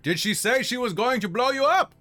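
A man's voice: very high voice, expressive, fairly quick, sharp tone, faint music behind, pitched above the performer's own voice, full character voice. A man voicing a suave male vampire noble with a theatrical, shifting put-on accent. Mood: dry. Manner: theatrical, courtly accent that slips around.

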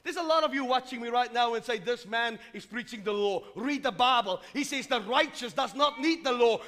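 A man from South Africa preaching a fervent sermon as pastor, rising from calm explanation to shouting. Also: very high voice, brisk, few pauses. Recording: long hall reverb.

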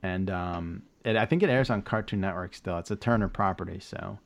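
A man's voice: low voice, a little fast, creaky. A man hosting a podcast, casually recapping with lots of fillers, restarts and joking asides. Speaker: podcast host. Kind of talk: casual chat.

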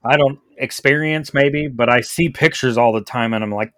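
A man's voice: mid-range voice, steady tone, moderate pace, hardly any pauses, a bit bright, no echo, studio quality. A man co-hosting a podcast, easygoing and joking in casual chat. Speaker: podcast co-host.

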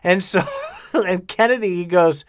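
A man's voice: high voice, measured pace. A man co-hosting a casual talk show, ranting bluntly and heatedly about money. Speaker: podcast co-host. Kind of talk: casual chat.

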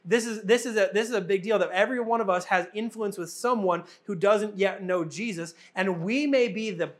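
A man's voice: high-pitched, fairly quick. A man in his thirties, a pastor, preaching a sermon with earnest, repetitive cadence.

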